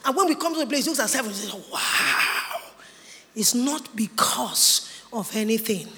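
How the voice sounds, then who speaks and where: A woman preaching a sermon in an emphatic, animated way, often mimicking other people's voices. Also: on the high side, a little fast. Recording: long hall reverb.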